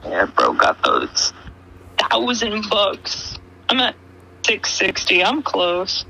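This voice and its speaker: Man, co-streamer, casual chat, teasing, blunt, bright high voice. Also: huge pitch swings, slow, gravelly, a little hiss or hum, poor audio.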